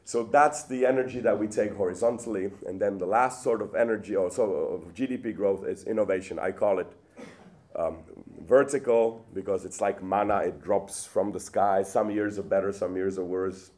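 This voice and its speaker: A man giving a public lecture in a hall, with lively rhetorical questions and frequent restarts. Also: fairly low pitch, moderate pace.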